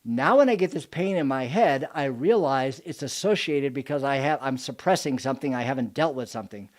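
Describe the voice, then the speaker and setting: A man giving a motivational live talk as a business coach, telling animated stories and joking with his audience. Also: medium pitch, fairly quick. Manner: animated storytelling, jokes to the audience.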